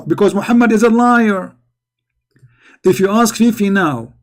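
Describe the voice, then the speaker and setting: A high-voiced man delivers combative commentary in broken English. He mocks and challenges his opponents. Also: measured pace, long pauses. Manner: mocking, challenging, non-native grammar.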